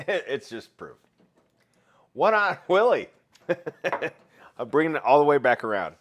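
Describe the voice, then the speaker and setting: A man hosting a relaxed livestream in an easygoing, chatty way. He laughs often and talks straight to his viewers. His voice sits at a middle pitch. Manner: chatty, laughs often, reads chat aloud. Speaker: livestream host. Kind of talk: casual livestream chat.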